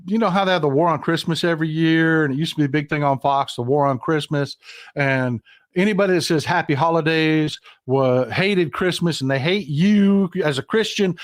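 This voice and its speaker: A middle-aged man talks straight to his livestream viewers. His voice sits a little higher than most men's. He is folksy and hot-tempered, and he keeps calling his audience folks. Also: moderate pace, no echo, clean studio sound. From Texas. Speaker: livestream host. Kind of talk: casual political livestream talk.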